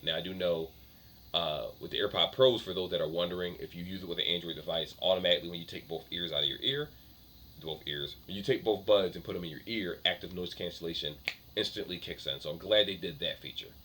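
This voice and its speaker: Low, bright-toned man, casual tech vlogger, chatty and self-correcting, faint room noise. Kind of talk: casual rambling vlog.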